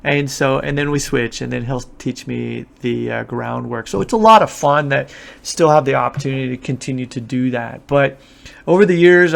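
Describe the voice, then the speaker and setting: A man's voice: mid-range voice, vocal fry, fairly bright tone. A man talking casually in a podcast interview, explaining things at length with frequent fillers and restarts. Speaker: guest, martial arts instructor. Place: Japan.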